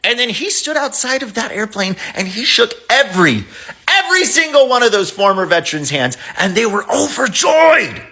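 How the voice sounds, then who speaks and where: A man's voice: high-pitched, very animated, moderate pace, pushed and bright. A man giving an emotional, impassioned reaction monologue, swearing as he talks. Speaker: commentator reacting to a video.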